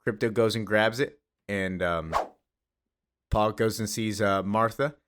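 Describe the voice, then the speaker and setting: A man's voice: fairly low pitch, steady tone, unhurried, noisy background. A young man hosting a casual comic-book recap, chatty and loose, laughing as he goes. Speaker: comic video host.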